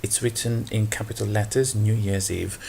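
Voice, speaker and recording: A man's voice: on the low side, steady tone, moderate pace, gravelly, darkish tone, a little hiss or hum. A man explaining English grammar in an unscripted lesson, patient and full of ums, switching to a livelier voice for example sentences. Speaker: English teacher.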